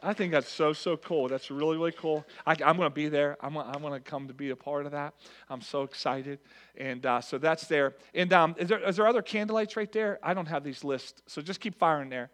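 A man's voice: a little high, fairly quick, fairly bright tone. A pastor giving church announcements in an earnest, conversational way, speaking directly to his congregation.

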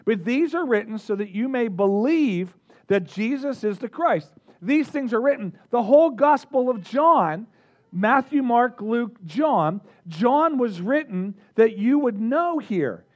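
A man preaching a sermon, energetic, drawing the congregation in with questions and call-outs. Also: extremely high pitch, a little slow, dull audio. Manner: energetic, engages the audience with questions. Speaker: pastor.

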